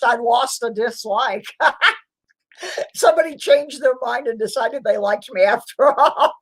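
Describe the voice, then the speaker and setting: A woman's voice: on the high side, slow pace, husky, low-quality recording. A woman hosting her own live stream, chatting casually with viewers and laughing often. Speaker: channel host.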